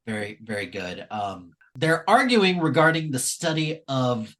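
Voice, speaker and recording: A man co-hosting a podcast, recapping an episode in casual, animated chat with frequent fillers and laughs. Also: medium pitch, unhurried. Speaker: podcast co-host.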